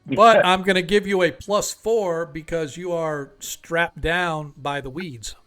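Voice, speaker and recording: A man's voice: on the high side, slow pace, fairly bright tone, clean tone, faint music behind. A man running a tabletop role-playing game as game master, easygoing and rambling with frequent fillers, over an online voice call.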